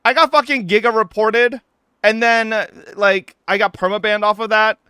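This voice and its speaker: A man's voice: high voice, fairly even intonation, normal speed, sharp tone, clear, resonant tone, no echo, clean studio sound. A young man streaming, telling a profane gaming story to his chat in a casual ranting way, full of "right?" tags.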